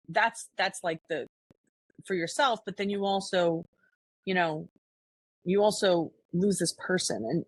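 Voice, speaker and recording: Earnest and reflective, a podcast co-host chats casually, frequently starting her sentences over. Her voice sits on the low side with a breathy edge.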